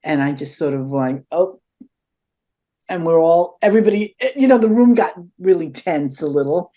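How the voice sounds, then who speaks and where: A woman's voice: low-pitched, brisk. An older woman, an interview guest, telling stories in a conversational way and acting out what people said. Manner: animated storyteller acting out quotes.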